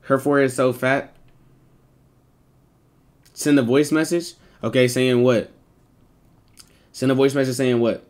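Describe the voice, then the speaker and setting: Male streamer, casual live chat, heavy slang and cursing, middle-pitched voice. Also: level tone, unhurried, long pauses, a little mellow. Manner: slangy, swearing, rambling talk to chat. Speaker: livestreamer.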